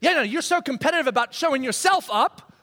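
A man preaching a sermon in a conversational, animated way, acting out quoted voices. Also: extremely high pitch, quick pace. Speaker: pastor. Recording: long reverb of a large hall.

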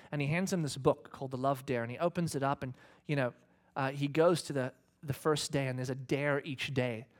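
A middle-aged male pastor preaching a sermon and retelling a story dramatically, dropping to hushed whispers and rising to loud shouts. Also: a little high, moderate pace.

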